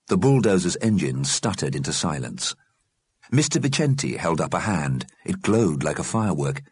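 A man's voice: sits low, very animated, normal speed, slightly rough, no room sound. A man narrating an audiobook expressively.

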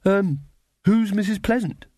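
A man's voice: sits high, a little slow, warm tone, no room sound, studio quality, pitched above the performer's own voice. A man voicing a flustered young woman witch who stammers and hesitates. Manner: hesitant, full of ums.

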